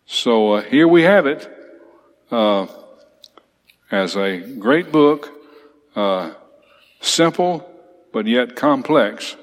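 A man's voice: mid-range voice, lively intonation, very slow, pauses often. A man teaching a Bible class, reading verses aloud and explaining them with emphatic repetition. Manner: emphatic, reads scripture aloud then explains it. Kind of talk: expository Bible class lecture. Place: church classroom with slides. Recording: long hall reverb.

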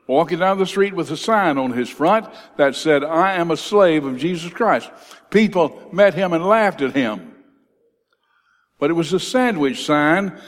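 Male preacher, emphatic sermon delivery, mid-range voice, long hall reverb. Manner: emphatic, rising on quoted scripture and dropping low on key words.

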